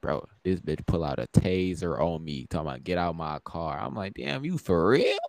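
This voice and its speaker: A young man with a very low voice, recorded dry and close with no room sound. He co-hosts a podcast in loose, profane chat and acts out the lines of the people in his stories. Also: moderate pace, gravelly, no echo. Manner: profane, animated, acts out quoted dialogue. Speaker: podcast co-host. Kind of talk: casual storytelling chat.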